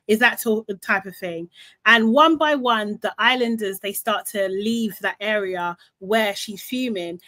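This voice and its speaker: A woman hosting a casual live recap, retelling the drama in a chatty, animated way with some swearing. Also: medium pitch, moderate pace, no echo. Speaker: reality show recap host.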